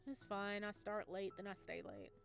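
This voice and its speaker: A woman voicing a withdrawn young male shop assistant who speaks tersely and flatly. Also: sits high, normal speed, creaky, soft background music, heavily acted. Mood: aloof. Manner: flat, terse and quiet.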